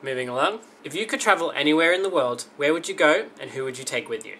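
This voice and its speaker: A young man in his twenties runs through a casual question-and-answer vlog, dropping wry jokes as he goes. His voice is bright and clear, with a faint bit of room ambience underneath. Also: on the high side, expressive, fast talker, a little hiss or hum. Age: 20s. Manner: wry, joking. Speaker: vlogger.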